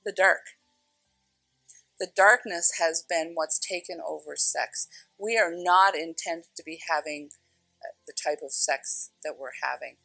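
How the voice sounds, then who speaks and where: Earnest bright-voiced woman teaching spirituality. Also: low voice, measured pace, creaky, dry recording, faint music behind, poor audio. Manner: earnest and emphatic, repeating phrases for stress.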